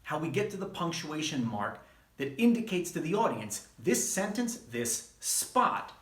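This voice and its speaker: A man, a wrestling trainer, giving a measured, emphatic instructional talk. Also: a little high, very animated, fairly bright tone. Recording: roomy echo.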